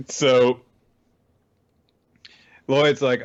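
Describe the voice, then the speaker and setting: A man co-hosting a casual manga recap podcast, retelling chapters with animated jumps into high character voices and frequent laughter. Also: moderate pace, lo-fi sound. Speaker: podcast co-host.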